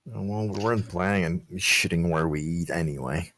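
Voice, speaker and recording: A deep-voiced man in a casual tabletop game chat, eagerly asking questions and laying out his plans. His voice is recorded close and dry, with no room sound. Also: moderate pace, fairly bright tone, dry recording. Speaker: player.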